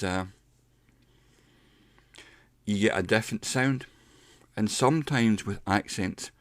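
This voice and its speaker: A middle-aged man giving a casual pronunciation lesson, explaining step by step and slowing down to demonstrate sounds. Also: fairly low pitch, no echo. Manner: unhurried, explains step by step with slowed demonstration words. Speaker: English pronunciation teacher.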